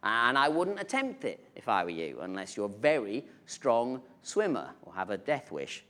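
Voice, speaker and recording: A man's voice: mid-range voice, sing-song, normal speed, a bit bright. A man preaching a sermon in church, conversational and humorous, with playful asides.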